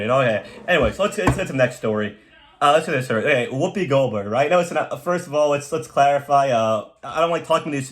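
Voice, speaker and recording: Man in his 20s, podcast host, comedic monologue, sarcastic, rambling, rapid delivery. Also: mid-range voice. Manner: sarcastic, rambling, deadpan provocative.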